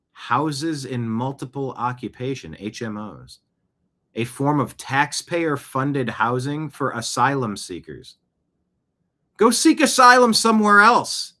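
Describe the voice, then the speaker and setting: A man hosts his own news show and delivers heated commentary in a voice of middling pitch. He fires off one rhetorical question after another, indignant and unrelenting. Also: fairly bright tone. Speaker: show host.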